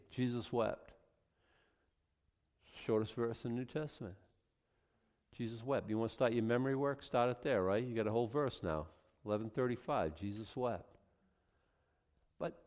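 A man preaching a sermon, reading scripture aloud and commenting on it, at times building to loud, emphatic passages. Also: mid-range voice, big-room sound.

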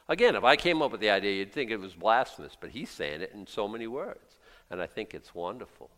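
A man's voice: on the low side, sing-song, fast, a bit bright. A man preaching a sermon in a conversational way, quizzing his listeners and repeating himself. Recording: long hall reverb.

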